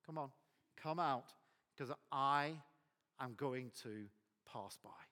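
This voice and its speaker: A man's voice: medium pitch, takes it slowly, bright, forceful tone. A man voicing God, coaxing and earnest. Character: God, calling gently and persistently.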